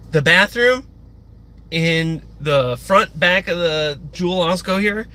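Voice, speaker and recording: A man's voice: fairly high pitch, bright, forceful tone, low-quality recording. Breathless young guy rambling on a livestream. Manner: rambling, profane, lots of fillers. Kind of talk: casual live-stream chat. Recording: outdoor street noise behind.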